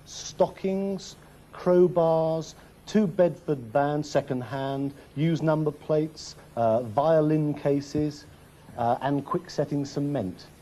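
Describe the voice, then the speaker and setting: Dry, halting presenter. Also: male voice, on the high side, dark tone. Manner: dry, deliberate, halting delivery. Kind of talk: comedy sketch and studio links.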